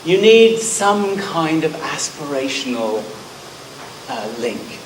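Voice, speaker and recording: A very animated middle-aged speaker with a voice on the high side takes his conference talk slowly. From Scotland with a southern English accent, he ums frequently and mocks himself; the hall recording sounds roomy and distant, with slight background noise.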